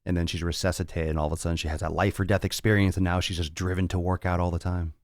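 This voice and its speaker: A man's voice: sits low, level tone, rapid-fire, no room sound, clean studio sound. Blunt, profane male fitness podcaster. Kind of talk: casual podcast rant.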